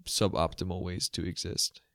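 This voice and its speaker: A man's voice: sits low, level tone, normal speed, creaky, fairly bright tone, no room sound, clean studio sound. A young man co-hosting a podcast, talking casually in a thoughtful, hesitant way as he searches for words. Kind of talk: casual conversational chat.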